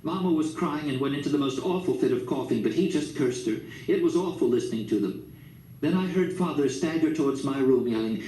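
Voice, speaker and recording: A man narrating a novel in a calm, measured storytelling manner. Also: medium pitch. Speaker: audiobook narrator. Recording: roomy, distant mic, faint background noise.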